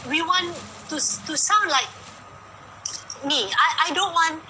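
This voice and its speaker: A woman's voice: very high-pitched, lively intonation, measured pace, background noise. A woman, a vocal coach talking casually and emphatically in mixed Malay and English, asking rhetorical questions.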